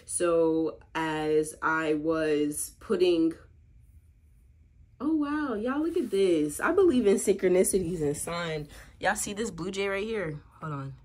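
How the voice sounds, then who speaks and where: A woman's voice: fairly low pitch, measured pace, darkish tone, no room sound. A woman who runs a small business, chatting casually to her viewers as she vlogs outdoors and from her car on a handheld phone. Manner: chatty, talks straight to viewers. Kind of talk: casual vlog narration.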